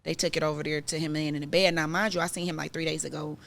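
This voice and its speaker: A woman with a somewhat low voice recounts a painful personal story in a relaxed podcast chat. She talks in an animated, emotional way, full of fillers and restarts. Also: very fast, vocal fry. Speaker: podcast guest.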